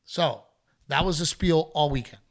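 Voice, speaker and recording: A middle-aged man hosting a podcast, telling a story in a casual, animated way and acting out other people's voices. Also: a little high, moderate pace, vocal fry. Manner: animated, acts out heckler voices. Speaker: podcast host.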